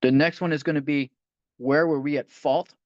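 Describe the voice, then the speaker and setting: A man's voice: on the high side, steady tone, normal speed, dry recording. A man leading a line-by-line recovery book study, talking conversationally and often restarting phrases as he reads passages aloud. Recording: dull, dry lo-fi audio.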